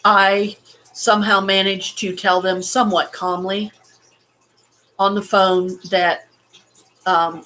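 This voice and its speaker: Woman vlogger, halting and near tears, swearing as she talks. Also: mid-range voice, flat delivery, sharp tone. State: holding back tears. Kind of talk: emotional personal story.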